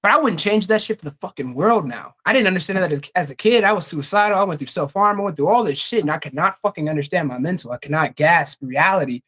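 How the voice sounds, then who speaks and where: A man's voice: high voice, lively intonation, fast, few pauses, fairly bright tone. A young man hosting a casual podcast, talking in an earnest, heartfelt way and swearing freely. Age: young adult. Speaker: podcast host.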